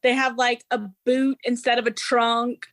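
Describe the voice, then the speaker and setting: A woman's voice: a little high, little pitch movement, measured pace, a bit bright, no room sound. A young woman hosting a podcast, telling stories in casual chat with frequent giggles. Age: young adult. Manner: chatty storyteller, giggly, Southern "y'all". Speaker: podcast host.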